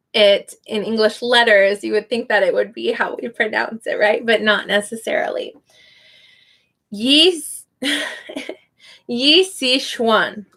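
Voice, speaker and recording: In a fairly bright voice on the high side, a young online English teacher casually walks through name pronunciation in a live teaching chat. She stretches each name out, saying it slowly and with care.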